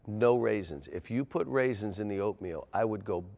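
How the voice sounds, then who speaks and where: An older man, a basketball coach, telling animated stories in an interview and getting loud and excitable. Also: on the low side, moderate pace, gravelly. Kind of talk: interview storytelling.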